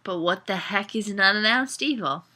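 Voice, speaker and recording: A woman's voice: medium pitch, moderate pace, bright, forceful tone, lightly acted. A woman voicing a blunt, brusque teenage boy in a storybook reading, talking curtly and snappishly. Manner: curt and snappish.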